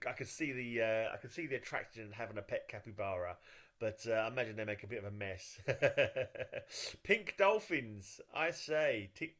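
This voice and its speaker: A man's voice: on the low side, fairly bright tone. Rambling English man reacting casually. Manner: rambling, hesitant, lots of uh and restarts. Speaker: reaction video host.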